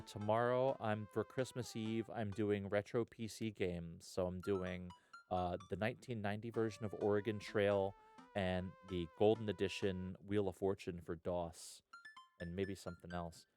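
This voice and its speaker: A man hosting a live stream, talking in a loose, easygoing ramble full of "uh" and "hell yeah." His voice sits on the low side. Soft game music plays quietly behind him. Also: fairly even intonation, moderate pace. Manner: laid-back, rambling, lots of "uh" and "hell yeah". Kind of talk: casual live-stream chat.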